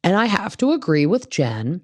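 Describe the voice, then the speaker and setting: A woman's voice: fairly low pitch, very animated, normal speed, no echo, clean studio sound. A woman hosting a casual gossip recap of reality TV, blunt and opinionated, who swears freely.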